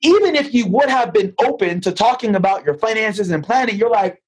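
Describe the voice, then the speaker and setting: A man being interviewed as a guest on a podcast, talking in a lively storytelling way, acting out dialogue and often repeating words as he restarts. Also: high voice, brisk, slightly rough, low-quality recording. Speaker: guest, financial advisor.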